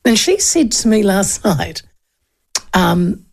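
Talk radio host, New Zealand woman in her fifties, gravelly fry in the voice, chatty and rambling. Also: medium pitch, big pitch swings, slow pace, darkish tone. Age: 50s. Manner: chatty, rambling, with frequent ums and asides. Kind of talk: casual political talk.

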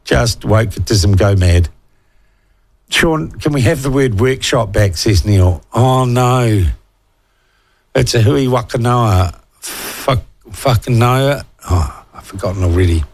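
A New Zealand man hosting talk radio in a middle-pitched voice. He talks bluntly and with open sarcasm, swears without hesitating, and reads listener messages aloud between his own remarks. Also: takes it slowly, darkish tone. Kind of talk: opinionated talk radio monologue.

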